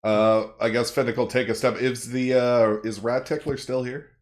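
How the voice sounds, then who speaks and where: A man playing a tabletop game, relaxed and a little hesitant in his speech. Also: medium pitch, moderate pace. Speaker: player. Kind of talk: casual tabletop role-play.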